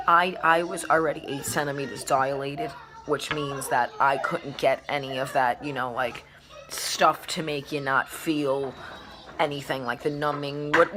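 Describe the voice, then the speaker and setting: Low-voiced woman telling a lively story. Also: noisy background. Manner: animated, acts out quotes, swears casually. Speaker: vlogger. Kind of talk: casual storytime chat.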